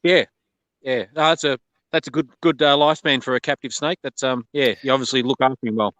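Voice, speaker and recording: An Australian man chats as a guest on a video call, relaxed and joking, restarting his sentences with repeated words. He talks fast with a bright, clear tone, and the sound is dry and close. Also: mid-range voice, dry recording, low-quality recording. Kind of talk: casual chat on a livestream.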